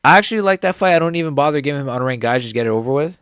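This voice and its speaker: A young man hosting a live fight reaction stream, rambling casually with lots of "like" and "bro" while his voice sometimes cracks high. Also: expressive, rapid-fire, fairly bright tone, clean tone, no room sound, clean studio sound. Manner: rambling, filler-heavy, says "like" and "bro" often. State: voice cracking upward at times.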